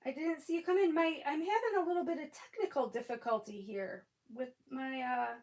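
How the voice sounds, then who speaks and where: A woman's voice: high voice, normal speed, darkish tone. A middle-aged woman hosting a crafting livestream, chatting and rambling through a story with casual swearing.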